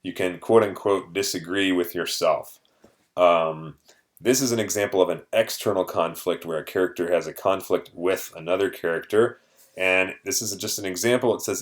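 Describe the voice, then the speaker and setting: Deep-voiced man teaching vocabulary. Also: normal speed. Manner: patient, explaining with restarts and Spanish glosses. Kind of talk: vocabulary lesson.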